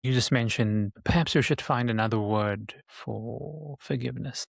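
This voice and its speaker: A man hosting a podcast, asking questions in a halting, searching way. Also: medium pitch, gravelly, dry recording, clean studio sound. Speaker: podcast host. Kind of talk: conversational interview.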